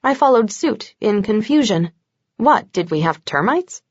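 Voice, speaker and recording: Wry sarcastic woman narrating an audiobook, flat dead room, lo-fi sound. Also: mid-range voice, a little slow, no echo. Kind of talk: first-person audiobook narration. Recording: dull dry lo-fi recording.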